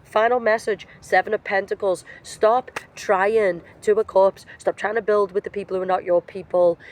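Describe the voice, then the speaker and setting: A woman's voice: medium pitch, steady tone, normal speed. A woman giving a casual, emphatic tarot reading outdoors in nature, speaking bluntly with slang while her voice is affected by being sick. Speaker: tarot reader.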